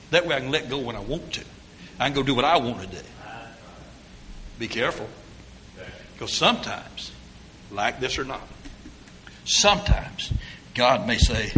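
Older man preaching, folksy storyteller, bright forceful voice, faint hiss behind. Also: mid-range voice, moderate pace, long pauses. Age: 60s. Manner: rambling folksy anecdotes, down-home grammar.

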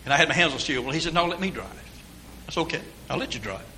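Older man preaching, folksy storyteller, bright forceful voice, faint hiss behind. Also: mid-range voice, lively intonation, rapid-fire. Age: 60s. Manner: rambling folksy anecdotes, down-home grammar.

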